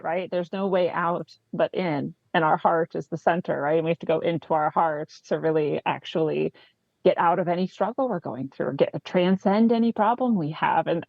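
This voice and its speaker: Woman co-host, low and gravelly, keen book-club talker; dry, muffled audio. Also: dry recording. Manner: enthusiastic, frequent "right?" asides. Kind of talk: casual book discussion, reading passages aloud.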